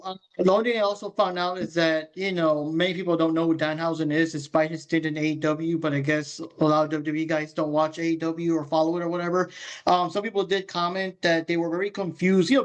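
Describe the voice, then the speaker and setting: A man with a high voice talking on a podcast. He chats casually, pausing and hedging as he works out what he wants to say. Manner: hesitant, thinks aloud with fillers. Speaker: podcast host. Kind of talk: casual chat.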